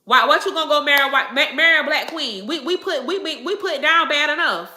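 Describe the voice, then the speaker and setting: A woman's voice: high-pitched, fairly quick, sharp tone. Woman, casual livestream host, emphatic and repetitive, echoey room. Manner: emphatic, repeats phrases, laughs often. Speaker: livestream host answering viewers.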